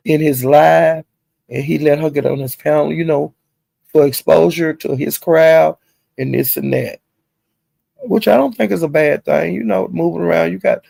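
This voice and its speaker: Male channel host, gravelly husky voice, slightly high, AAVE, gossipy recap. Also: no echo. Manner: gossipy, animated retelling with slang and profanity. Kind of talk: casual recap of online drama.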